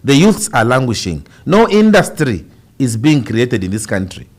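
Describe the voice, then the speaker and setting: A man's voice: medium pitch, sing-song, moderate pace. A Zambian man, a politician, answering radio interview questions in an impassioned, emphatic way with rhetorical questions. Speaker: politician guest.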